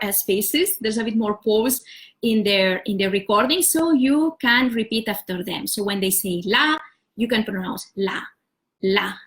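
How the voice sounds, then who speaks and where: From a home livestream setup, a woman language teacher gives a casual explainer, walking through it step by step with frequent "uh" and "so." Her voice is a little high and a bit bright.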